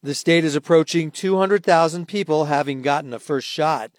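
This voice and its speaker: A man filing a factual radio health report in a brisk manner. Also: a little high, dry recording, clean studio sound. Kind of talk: filed radio news report.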